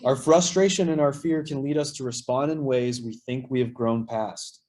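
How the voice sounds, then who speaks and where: Man, thirties, recovery workshop share, casual, profane, self-deprecating, mid-pitched. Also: moderate pace, darkish tone. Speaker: workshop speaker.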